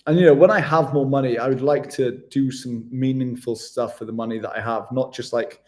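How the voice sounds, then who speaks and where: A man's voice: medium pitch, steady tone, fairly quick, a little mellow. A man chatting casually with viewers on a live stream, laid-back and matey, calling everyone mate. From Wales. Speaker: travel vlogger hosting a live stream.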